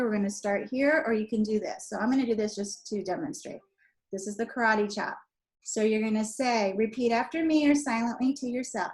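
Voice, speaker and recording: A woman instructor calmly guiding a group through slow breathing and tapping, speaking in a soothing, unhurried way. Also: a little high, rough recording. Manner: calm, slow, soothing guidance. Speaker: wellness instructor. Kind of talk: guided breathing and tapping session.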